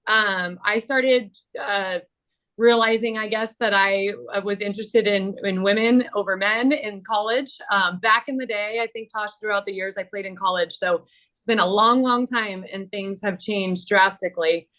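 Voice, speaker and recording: Speaking on a webinar panel, a thirty-something woman tells a personal story in a candid, halting way full of fillers. Her voice is fairly bright and medium in pitch.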